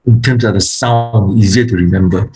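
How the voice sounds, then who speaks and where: A man teaching a grammar lesson, speaking haltingly with frequent fillers and restarts, and slowly reciting word forms one by one. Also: lowish voice, warm tone, faint music behind, poor audio. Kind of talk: online Hebrew grammar lesson.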